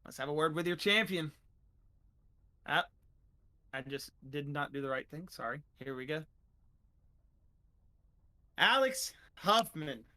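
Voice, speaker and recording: Bright young male race commentator. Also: fairly high pitch, moderate pace, long pauses. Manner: energetic, rambling with fillers. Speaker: broadcast booth host. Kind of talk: sim racing commentary.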